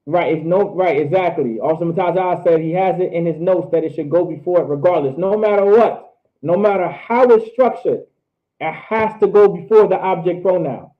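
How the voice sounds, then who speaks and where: Male instructor running a class, repeats each phrase slowly; thin, phone-line audio. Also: high-pitched. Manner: repetitive, drills phrases slowly syllable by syllable. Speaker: language teacher. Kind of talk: online class lecture.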